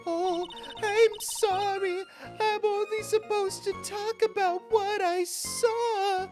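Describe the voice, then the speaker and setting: A man voicing a sweet, fragile young woman witness who feigns distress, in a soft, trembling voice. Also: very high voice, fairly even intonation, takes it slowly, over music, voice pushed up. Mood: timid.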